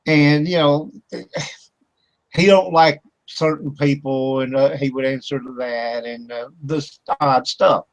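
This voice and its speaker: A man hosting an internet radio show and telling a loose, rambling story full of chuckles and stalled fillers. His voice sits at an ordinary middle pitch. He is recorded dry and close, with no room sound around him. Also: fairly even intonation, takes it slowly, no echo, poor audio. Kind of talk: casual chat. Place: home studio for internet radio.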